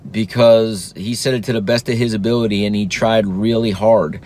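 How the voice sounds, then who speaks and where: A man in his thirties talks casually about raising his son, earnest and encouraging. His voice sits a little low. A faint low rumble stays under the recording. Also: steady tone, normal speed, darkish tone. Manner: earnest and encouraging, acts out sing-song praise to his toddler. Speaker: podcast host, father. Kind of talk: casual reflective talk.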